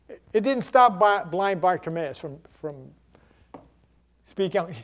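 A man's voice: high-pitched, lively intonation, a little slow, long pauses. A man preaching a sermon, acting out quoted cries in a dramatic preaching manner.

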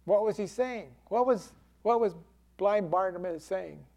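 A man's voice: sits high, measured pace, vocal fry, a little mellow. A man preaching a sermon, acting out quoted cries in a dramatic preaching manner.

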